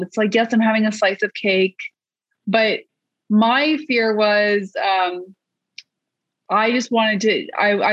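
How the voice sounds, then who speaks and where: Animated woman on a dull, dry mic. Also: medium pitch, no room sound. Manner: animated, self-mocking, trailing restarts. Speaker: podcast co-host. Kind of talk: casual chat.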